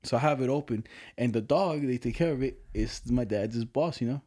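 A man in his twenties, co-hosting a podcast from his bedroom at home, chats casually and tells rambling stories packed with profanity and slang. His mellow, medium-pitched voice runs a little fast.

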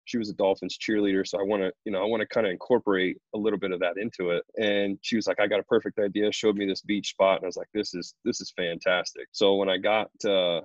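A man, a pro baseball pitcher, chatting casually in an interview and telling stories loosely with lots of fillers. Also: fast talker, hardly any pauses, no echo, highs cut off. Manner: relaxed, rambling storyteller with many fillers.

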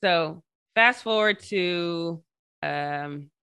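A woman with a bright, forceful low voice tells her story in a casual interview. She is animated and acts out the people she quotes. The sound is dry and close. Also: very slow, clean tone, dry recording. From Colorado. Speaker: journalist guest.

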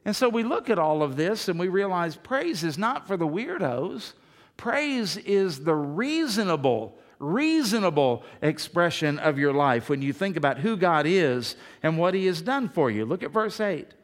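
A man's voice: a little high, big pitch swings, normal speed. A pastor in his fifties preaching a sermon with emphasis, often asking the congregation questions. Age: 50s.

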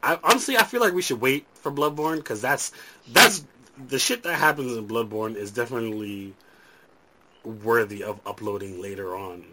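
A man's voice: mid-range voice, moderate pace, bright, forceful tone, low-quality recording. A man hosting a podcast, chatting casually, swearing freely and laughing often. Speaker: podcast host. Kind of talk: casual profane banter.

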